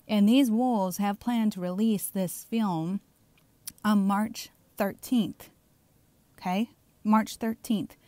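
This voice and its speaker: A woman's voice: medium pitch, mellow, dry recording. Fired-up Southern woman preaching. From Southern United States. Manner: emphatic, keeps asking "okay?"; fired up and insistent. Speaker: online preacher. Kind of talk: fiery religious commentary video.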